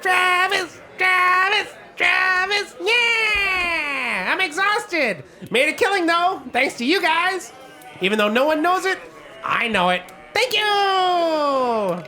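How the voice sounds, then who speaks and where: Casting note: man playing an excitable gnome innkeeper, high, fast, lively swoops, bright tone. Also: some chatter behind, heavily acted. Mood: gushing. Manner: gushing, rapid, high-pitched. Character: excitable male gnome bar owner.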